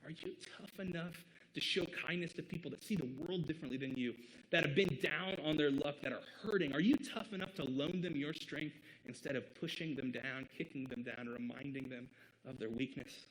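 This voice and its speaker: A man's voice: on the high side, brisk, low-quality recording. A man from the American Midwest preaching a sermon as pastor in an earnest, conversational way, with short laughs between points. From Midwest United States.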